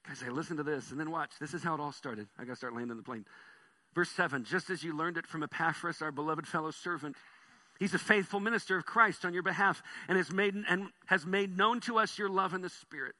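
A male pastor delivering a sermon in a high, very bright voice. He tells stories with lively energy, dropping soft and then rising loud. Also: brisk. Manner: animated storytelling, swings between soft and loud.

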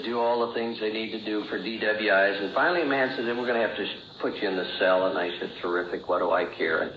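In a roomy, dull old recording of a recovery meeting, a man with a lowish voice tells his recovery story in plain terms. He acts out dialogue he remembers, with slight background noise present.

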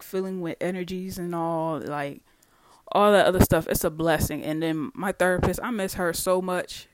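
A podcast host talking alone in a casual monologue, blunt and full of swearing, with heated swings between loud and quiet. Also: mid-range voice, no echo. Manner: blunt, profane and emphatic, with heated swings in volume.

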